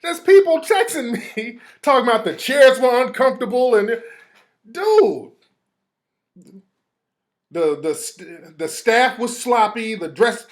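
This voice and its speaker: A man hosting his own show, talking off the cuff in a heated, profane rant. His pitch jumps around a lot as he reacts to the messages he reads out. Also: very animated, takes it slowly, long pauses. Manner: profane, heated, reading texts aloud. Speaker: show host. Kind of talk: casual live rant.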